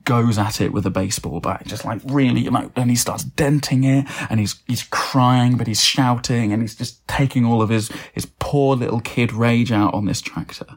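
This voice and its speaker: A man's voice: mid-range voice, normal speed, few pauses, breathy edge. A man improvising a comic story, rambling with lots of fillers and restarts.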